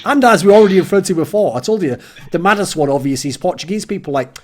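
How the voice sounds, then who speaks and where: A man's voice: a little high, lively intonation, brisk, darkish tone, a little hiss or hum. A man with an English accent hosting a casual round-table chat, ranting and swearing, with mocking put-on voices. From England. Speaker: host.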